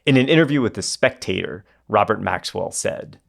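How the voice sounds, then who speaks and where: A man's voice: lowish voice, animated, normal speed, creaky. A man hosting a podcast, telling a history story in a conversational way with asides to his co-hosts. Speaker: podcast host.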